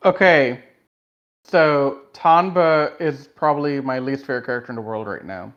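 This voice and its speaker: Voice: medium pitch, normal speed. Playful podcast co-host on a dull mic. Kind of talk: casual podcast chat.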